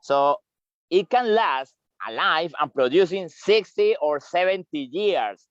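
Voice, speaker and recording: A man giving a tour guide's outdoor talk on a farm, halting and repeating words as he explains. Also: fairly high pitch, lively intonation, dry recording. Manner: halting, repeats words, chuckles while eating. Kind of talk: live virtual tour explanation. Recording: dry, slightly dull lo-fi sound.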